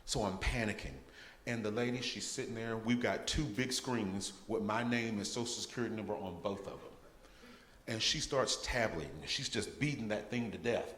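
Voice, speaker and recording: Male guest speaker, animated humorous testimony, somewhat low voice, echoey church hall. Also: normal speed, a little hiss or hum. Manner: animated, humorous storytelling with laughter. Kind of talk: testimony talk in a church service. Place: church sanctuary.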